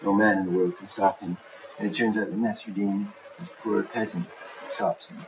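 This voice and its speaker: A male animator explains his work for a documentary in his animation studio, lively and theatrical, acting out scenes as he goes. His voice is fairly low and at normal speed. The dull 1970s documentary audio carries a faint hiss.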